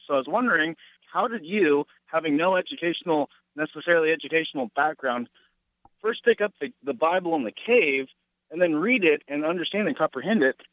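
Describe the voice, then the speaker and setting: A man phoning in to a radio show, his voice fairly high and eager. He sounds thin and a bit distant, like a tinny phone line, with a dry sound. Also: lively intonation, fairly quick, no room sound. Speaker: caller. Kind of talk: call-in question.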